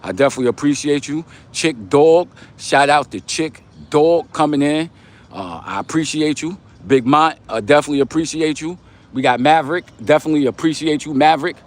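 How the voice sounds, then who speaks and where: This young Long Island, New York livestream host has a fairly high voice and a brisk delivery. Casual and motivational, he speaks in street slang and keeps circling back to the same points.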